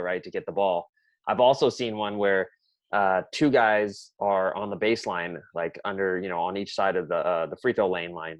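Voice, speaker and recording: A man co-hosting a casual podcast, talking shop as a basketball coach. His voice sits slightly low, and the lo-fi recording sounds dull and dry. He tells his stories with animated reenactments of what his players said. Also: no room sound. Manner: storytelling, acts out players' reactions.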